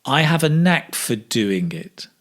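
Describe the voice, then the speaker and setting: Slow, lively male English teacher. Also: mid-range voice. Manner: models phrases slowly with exaggerated intonation. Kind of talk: slow, clear pronunciation drill.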